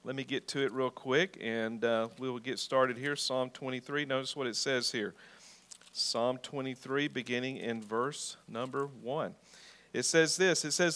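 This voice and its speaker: A man's voice: medium pitch, moderate pace, fairly bright tone. A middle-aged male pastor preaching a sermon, reading scripture and putting questions to his congregation. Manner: preaching, asks the congregation questions and calls for responses.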